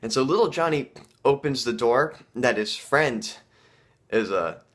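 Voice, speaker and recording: A man vlogger telling a casual story to camera, halting and full of fillers. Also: medium pitch, expressive, fairly bright tone.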